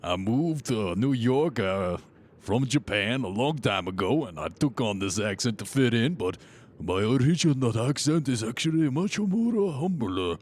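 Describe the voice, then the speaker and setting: A man's voice: mid-range voice, slow pace, hardly any pauses, fairly bright tone. A man voicing a sentimental male gelatinous cube creature in a tabletop game, hammy and soppy with an exaggerated put-on accent. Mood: earnest. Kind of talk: tabletop game role-play.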